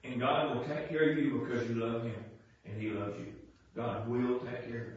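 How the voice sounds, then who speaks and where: A man preaching a fervent sermon in a folksy, repetitive way that builds to impassioned shouting. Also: mid-range voice, steady tone, moderate pace, slight background noise. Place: church sanctuary. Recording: very echoey church sound from far off, dull.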